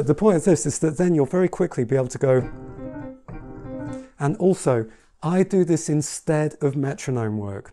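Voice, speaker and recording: A mellow-voiced man giving a relaxed piano lesson, talking through practice tips as he plays. His tone is chatty and reassuring, with soft piano notes sounding faintly behind him. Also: a little high. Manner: chatty, reassuring, demonstrates at the keyboard while talking. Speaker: piano teacher. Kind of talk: casual piano tutorial. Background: piano playing.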